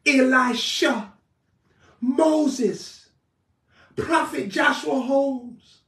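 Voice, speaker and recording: A man preaching a fiery sermon, shouting, scolding and mocking his listeners. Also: very high voice. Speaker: prophet preacher. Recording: echoey room, voice far from mic.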